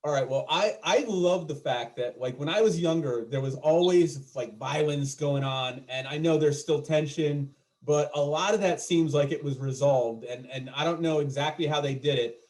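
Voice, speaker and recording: Chatty comedian riffing on a video call. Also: male voice, on the high side, moderate pace, hardly any pauses, a little mellow. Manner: chatty, self-deprecating, riffs with the audience. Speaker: stand-up comedian.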